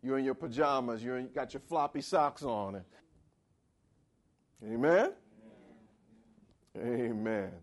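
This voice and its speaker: A man preaching a sermon in a conversational style, asking for amens and swinging between loud and quiet. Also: slow pace, long pauses. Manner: dramatic swings in pitch and volume. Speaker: pastor.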